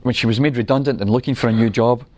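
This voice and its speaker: Middle-aged male preacher, earnest and unhurried, mid-pitched voice, sermon delivery. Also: steady tone, a little mellow. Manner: earnest, unhurried storytelling with acted-out quotes.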